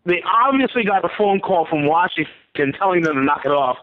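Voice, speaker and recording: A man speaking in a fairly high voice as a radio guest, with an animated, repetitive manner that slips into quoted voices. He comes through a thin, phone-like line. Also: brisk. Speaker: guest economist. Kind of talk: talk radio interview.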